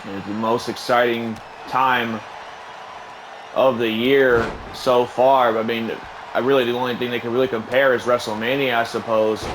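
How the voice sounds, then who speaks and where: Excitable man calling wrestling play-by-play. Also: mid-range voice, moderate pace, background noise. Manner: excitable, bursts louder on big moves. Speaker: host commentating a wrestling video game.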